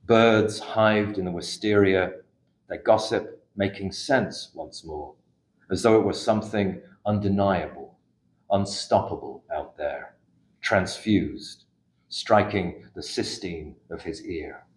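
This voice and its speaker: Captured in an echoey room, a middle-aged English poet gives a café reading with a low voice. His delivery is measured and unhurried, broken up by tentative asides between the poems.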